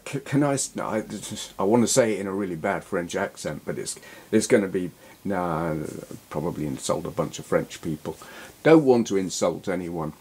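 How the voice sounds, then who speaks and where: A man's voice: sits low, darkish tone, slightly rough. A man giving rambling, self-deprecating commentary while playing an old computer game. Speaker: retro gaming YouTuber. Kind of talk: casual gameplay commentary.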